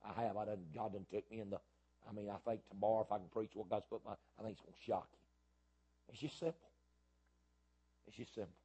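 Middle-aged male pastor, husky low voice, fiery repetitive sermon delivery. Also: flat delivery, rapid-fire. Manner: fiery, emphatic preaching with loud rises and repetition.

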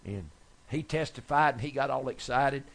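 A man preaching a sermon, telling folksy testimony stories that build to excited shouts. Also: medium pitch, moderate pace. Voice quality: gravelly, husky. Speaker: evangelist preacher.

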